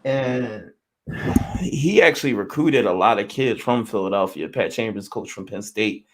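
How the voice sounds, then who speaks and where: A man hosting a podcast, arguing his side with hesitant restarts and loud bursts when he cuts in. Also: on the low side, measured pace, slight background noise. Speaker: podcast host. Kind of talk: heated casual debate.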